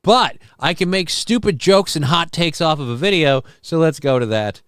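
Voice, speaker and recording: A man hosting a casual comedy podcast, sarcastic and profane, cracking quick jokes about news stories. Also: fairly high pitch, lively intonation, a bit bright, clean tone, dry recording, studio quality. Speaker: podcast host.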